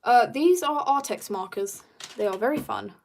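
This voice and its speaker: Bubbly young woman with vocal fry. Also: on the high side, expressive, moderate pace, darkish tone. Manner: bubbly and chatty, reading viewer comments and joking. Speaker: art livestreamer. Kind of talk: casual chat while drawing on a livestream.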